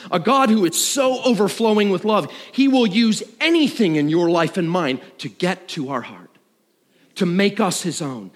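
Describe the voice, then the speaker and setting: A middle-aged man preaching a sermon, swinging between loud and hushed. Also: high voice. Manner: animated, dramatic shifts between loud and hushed. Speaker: pastor. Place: church sanctuary. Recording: long reverb of a large hall.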